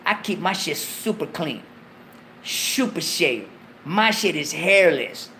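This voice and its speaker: A man's voice: fairly high pitch, expressive, takes it slowly, pushed and bright, a little hiss or hum. A man hosting a show, giving a profane comic monologue in laid-back street slang, lecturing his viewers. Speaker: show host.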